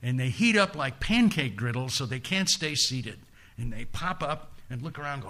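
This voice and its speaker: A man giving a humorous storytelling lecture, playful and deliberate with folksy asides. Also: medium pitch, expressive, pushed and bright.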